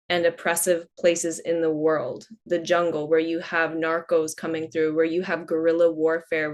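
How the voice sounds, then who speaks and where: A woman speaking as a podcast guest in a reflective conversation, unhurried and earnest, often using "like" as a filler. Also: low voice. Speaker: podcast guest, holistic coach.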